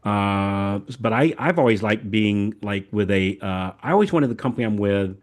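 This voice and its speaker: A man's voice: lowish voice, animated, normal speed. An older man from the American South hosting a podcast, talking in a casual, rambling, folksy way and often repeating words as he goes. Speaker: podcast host. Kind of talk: casual chat.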